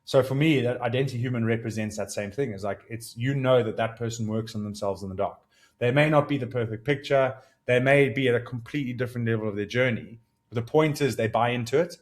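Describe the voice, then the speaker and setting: A thirtysomething podcast host talks alone through his ideas, speaking fast in a mid-range voice. His tone is earnest and searching, rising when he's excited and dropping back when he reflects. Frequent restarts mark his effort to pin down what he means.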